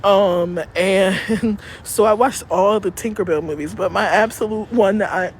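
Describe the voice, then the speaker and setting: Woman, rambling live-stream chat, swears a lot, outdoors on a street, clear traffic noise, echoey street. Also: medium pitch, unhurried. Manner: rambling, chatty, swears freely. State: cold. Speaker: livestreamer.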